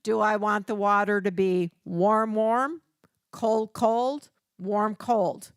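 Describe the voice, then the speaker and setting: A woman's voice: medium pitch, steady tone, slow pace, clear, resonant tone, dry recording, studio quality. An older woman presenting a caregiving workshop, teaching through stories and acting out the people she quotes. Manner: storytelling, acts out quoted voices.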